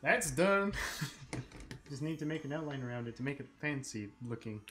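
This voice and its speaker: A man's voice: medium pitch, expressive, normal speed. A man chatting casually on a live stream while he sketches. He laughs often and slips into silly voices.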